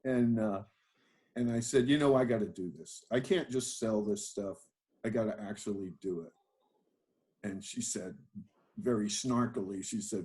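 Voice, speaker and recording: A man's voice: mid-range voice, animated, normal speed, darkish tone. An older man, a winemaker being interviewed, telling his life story in a rambling, self-deprecating way with many fillers and restarts. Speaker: guest, winemaker.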